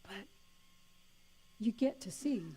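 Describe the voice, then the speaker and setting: Woman preacher, mid pitch, playful and warm, breaks into laughter. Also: animated, measured pace. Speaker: minister. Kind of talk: sermon.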